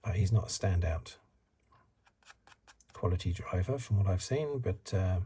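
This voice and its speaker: A middle-aged man hosting a soft-spoken ASMR card review, rambling in asides and drifting into whispers, recorded close to the mic. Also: low voice, expressive, unhurried, slightly rough. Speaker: ASMR channel host.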